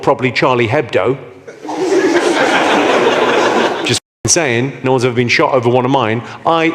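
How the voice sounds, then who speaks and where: Deadpan English stand-up comedian on stage. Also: male voice, medium pitch. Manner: deadpan, quick comebacks. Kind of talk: stand-up comedy with crowd work. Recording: live theatre, long reverb and loud noise.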